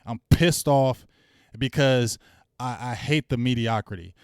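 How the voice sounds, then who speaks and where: Angry ranting man, smooth dry voice. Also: medium pitch, measured pace, a little mellow, no echo. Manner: heated, blunt, slangy ranting. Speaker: sports talk host. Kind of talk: fan rant commentary.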